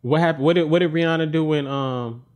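A man's voice: a little high, fast, darkish tone. A man co-hosting a podcast with casual, teasing chat and frequent laughter. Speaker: podcast co-host.

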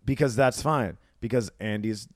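A man's voice: mid-range voice, normal speed, dry recording, clean studio sound. A man in his thirties co-hosting a podcast, rambling and trailing off mid-sentence. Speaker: podcast co-host. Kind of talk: casual chat.

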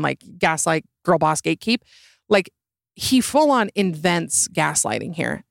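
A young woman hosting a solo podcast, talking in a sarcastic, exasperated way and jumping up in pitch for emphasis. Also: creaky, no echo, studio quality. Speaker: podcast host.

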